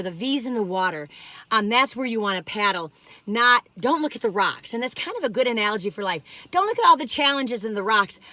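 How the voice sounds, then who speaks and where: A woman's voice: on the high side, bright, forceful tone, no room sound. A woman vlogging alone from her parked car, rambling through stories and exclaiming often. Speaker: food review vlogger. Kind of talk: chatty solo vlog.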